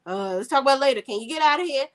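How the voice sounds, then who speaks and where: A woman's voice: high-pitched, lively intonation, racing. A woman voicing a flustered man who stammers in a panic at work, retold in a TV recap.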